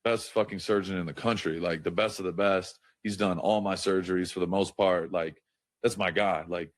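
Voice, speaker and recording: A man's voice: low voice, fairly even intonation, moderate pace, no room sound. A man telling a story in an interview in a rambling, casual way, full of fillers and swearing. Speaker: interview guest, pro football player.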